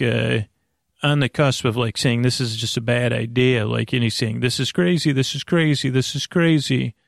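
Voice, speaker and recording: A man's voice: medium pitch, gravelly, dry recording, studio quality. A man hosting a podcast, casually recapping a movie in a rambling way, full of fillers and restarts. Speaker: podcast host.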